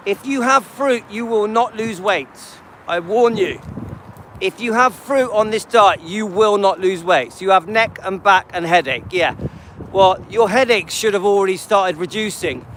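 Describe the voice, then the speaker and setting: A man's voice: high voice, a little slow, fairly bright tone, slight background noise. A man hosting a live stream, casually answering viewers by name and often checking in with "yeah?" and "okay?". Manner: frequent restarts and repetition. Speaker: livestream host.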